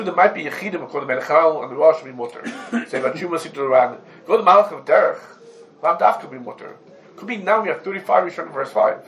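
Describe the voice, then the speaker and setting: A man's voice: sits high, a bit bright, low-quality recording. A man teaching a religious law class to students, laying out cases through rhetorical questions and Hebrew terms mixed into English. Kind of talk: Talmudic law lesson.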